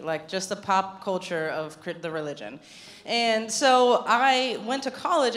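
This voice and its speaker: A woman's voice: mid-range voice, a bit bright. A young adult woman preaching a conversational sermon in a church, chatty and self-deprecating, laughing often. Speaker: pastor. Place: church sanctuary.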